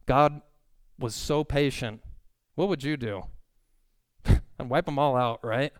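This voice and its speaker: A man in his thirties preaching a sermon in an earnest, conversational way, with sudden excited outbursts. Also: mid-range voice, slow, long pauses, no room sound, studio quality. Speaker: pastor.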